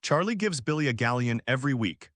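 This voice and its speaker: A man narrating a story with steady, even delivery. His voice sits at a middle pitch, and the recording is dry and close, with no room sound. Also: fast talker, dry recording. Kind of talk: audiobook narration of fan fiction.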